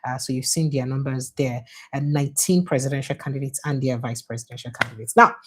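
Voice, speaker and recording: Low husky Nigerian woman reading headlines. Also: fairly even intonation, a bit bright. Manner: reads headlines quickly, slips into Pidgin asides. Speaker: news show host. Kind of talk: reading and commenting on newspaper headlines.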